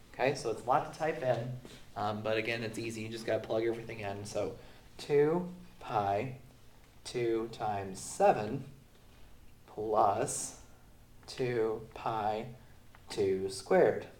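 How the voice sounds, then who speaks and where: A man who is sick, teaching a recorded math lesson in a relaxed way with many fillers, going through the steps slowly. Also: on the low side. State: sick, voice sounds off. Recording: roomy echo.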